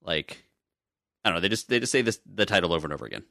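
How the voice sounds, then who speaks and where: A man's voice: low-pitched, lively intonation, racing, gravelly, pushed and bright, dry recording, studio quality. A man co-hosting a podcast in casual chat, rambling with chuckling asides. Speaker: podcast co-host.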